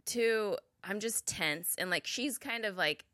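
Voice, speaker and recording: A woman's voice: mid-range voice, measured pace, bright, forceful tone, no room sound, clean studio sound. A woman guest telling a rambling story in casual chat, hesitant and often laughing. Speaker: podcast guest.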